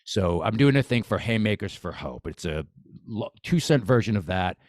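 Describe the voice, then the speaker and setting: A boxing coach appears as a guest on a casual podcast, sounding eager and enthusiastic, repeating phrases and restarting his sentences often. His voice is fairly low and animated, at a moderate pace. The recording is dry with clean studio sound.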